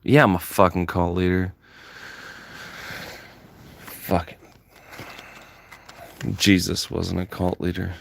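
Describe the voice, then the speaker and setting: A man's voice: sits low, flat delivery, moderate pace, vocal fry, few pauses. A man livestreaming, ranting heatedly at his chat with constant swearing and emphatic repetition.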